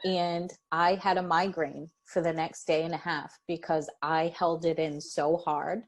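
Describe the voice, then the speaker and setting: A woman's voice: sits low, little pitch movement, measured pace. Young woman telling a story, chatty. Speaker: podcast co-host. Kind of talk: casual chat.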